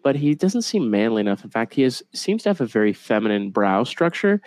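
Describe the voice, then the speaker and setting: Podcast co-host: young man, mid-range voice, rambling and animated, dry close mic. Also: mid-range voice, fairly quick, no echo. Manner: rambling, animated, laughs at own jokes. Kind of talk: casual chat.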